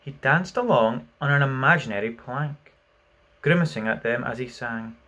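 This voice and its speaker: A man reading a children's classic aloud as an audiobook, telling the story expressively and dropping quiet for narration. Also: medium pitch, normal speed, muffled recording.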